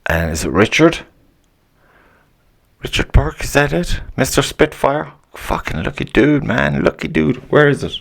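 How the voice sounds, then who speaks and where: A man's voice: mid-range voice, very animated, unhurried, creaky. A man hosting a casual solo podcast, swearing freely, rambling and grumbling with an annoyed edge. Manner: profane, rambling, laughs at own jokes. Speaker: podcast host.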